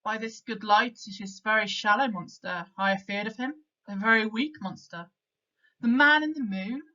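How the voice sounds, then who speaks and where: A woman's voice: medium pitch, moderate pace, bright, forceful tone, muffled recording, natural voice. A woman reading as Trinculo, mocking jester. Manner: plain reading aloud of verse.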